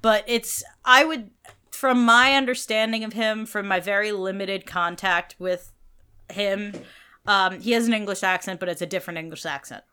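A woman's voice: medium pitch, smooth. Chatty woman podcast co-host. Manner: animated, fillers, quick opinions, laughs often. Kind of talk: casual chat about a TV show.

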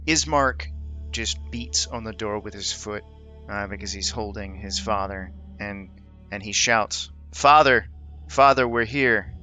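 Bright-voiced male game master narrating. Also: fairly low pitch, fairly even intonation, faint music behind. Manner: descriptive, laughs easily, fills pauses with uh and um.

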